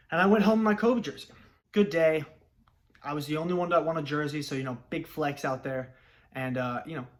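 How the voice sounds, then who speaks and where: A young man from Los Angeles telling a personal story in a lively, chatty vlog. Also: fairly high pitch. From Los Angeles, United States. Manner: lively, chatty, acts out family dialogue. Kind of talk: casual storytelling.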